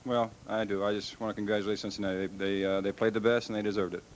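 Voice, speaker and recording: A man's voice: lowish voice, level tone, quick pace, slight background noise, rough recording. A man, a losing team's manager, giving a subdued, reflective post-game interview.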